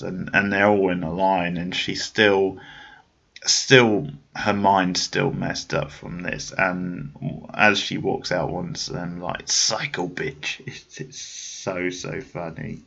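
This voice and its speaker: A podcast host speaks slowly in a low, fairly flat voice with vocal fry and a bit of brightness, over dull audio. He rambles through a casual film review chat, restarting often and using lots of fillers.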